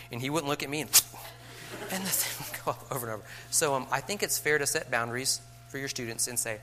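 Bright male workshop speaker, joking, casual, plays out student lines. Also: mid-range voice. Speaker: teacher giving a workshop to teachers. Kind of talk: casual lecture.

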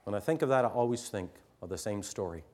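A middle-aged man, a teacher addressing fellow teachers, telling a story earnestly, swinging from loud emphasis to hushed near-whispers. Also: fairly low pitch, animated, quick pace. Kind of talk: storytelling talk to an audience.

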